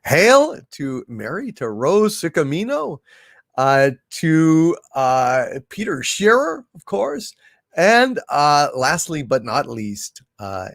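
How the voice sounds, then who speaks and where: Guy hosting a livestream, slow and halting, lots of uhs, dry close mic. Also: medium pitch, no echo. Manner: slow, halting, with many fillers; sings slowly. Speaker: live stream host. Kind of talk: casual live stream chat, reading super chats.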